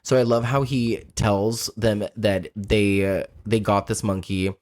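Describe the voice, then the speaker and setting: A man co-hosting a casual podcast chat, talking in an animated, profane way and acting out movie characters. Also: on the low side, measured pace. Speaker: podcast co-host.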